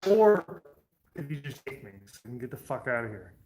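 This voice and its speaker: A man's voice: mid-range voice, fast talker, creaky. A man talks casually on a livestream in a middling voice, rambling and swearing as he answers his viewers. A faint noise sits behind him. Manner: profane.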